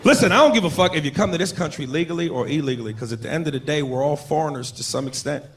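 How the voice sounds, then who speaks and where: Guy doing standup, high voice, loud and crude, big crowd and noise in the room. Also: rapid-fire. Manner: loud, profane, animated storytelling. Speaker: stand-up comedian. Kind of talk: stand-up comedy set. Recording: live club recording, crowd and noise.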